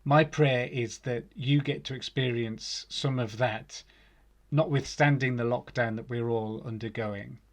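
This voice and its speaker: A man delivering an earnest sermon on behalf of a charity, reading scripture in a measured way. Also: mid-range voice, fairly even intonation. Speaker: charity representative giving a sermon.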